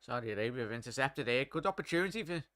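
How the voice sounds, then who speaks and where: A man's voice: mid-range voice, lively intonation, racing, a bit bright, no echo, clean studio sound. A young man hosting a live match watchalong, commentating casually and chatting to viewers. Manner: chatty, laddish, reads chat aloud. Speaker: watchalong host.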